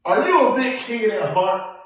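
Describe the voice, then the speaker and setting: Podcast host guy, bit high voice, swoops all over telling stories, laughs a lot, echoey room far off mic. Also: a little slow. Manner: animated storytelling, laughing often. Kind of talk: casual chat.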